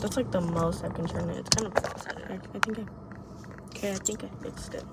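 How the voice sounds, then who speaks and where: A woman's voice: medium pitch, steady tone, a little fast, creaky, very noisy. A young woman vlogging advice to camera from a parked car, blunt, rambling and profane. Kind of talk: casual monologue to camera.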